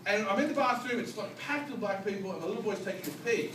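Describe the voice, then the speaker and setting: A man with an Australian accent performing live stand-up comedy, telling stories in a rambling, animated way with a lot of "like". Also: sits high, fast. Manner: animated, rambling, heavy use of "like". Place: comedy club bar stage. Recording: roomy live club from a distance. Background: loud audience laughter and crowd noise.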